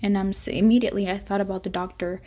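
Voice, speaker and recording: A woman's voice: mid-range voice, level tone, fast, warm tone. A woman vlogger casually telling a long personal story, rambling and acting out bits of dialogue as she goes.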